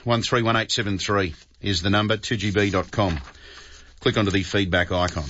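A man with an Australian accent hosting talkback radio, indignant and forceful, often repeating words. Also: on the low side, fairly even intonation, fairly quick, a little hiss or hum. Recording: dull, dry radio broadcast.

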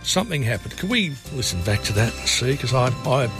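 A man's voice: mid-range voice, sing-song, brisk, over music. An Australian man hosting late-night radio talk in a studio, chatty and rambling, with many filler sounds as he goes. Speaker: radio host. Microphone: studio microphone.

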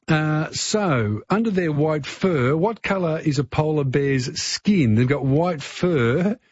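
Male radio quiz host, husky, chatty, dry muffled broadcast sound. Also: on the high side, lively intonation, slow pace, no echo. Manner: chatty, encouraging, prompts callers with hints.

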